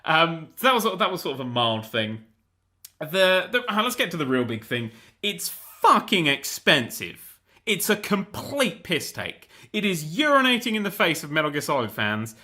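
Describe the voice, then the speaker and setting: A young man hosting a gaming show, ranting in a casual, animated, sweary, exasperated way. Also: on the high side, moderate pace. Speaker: gaming host. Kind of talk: casual rant about a video game.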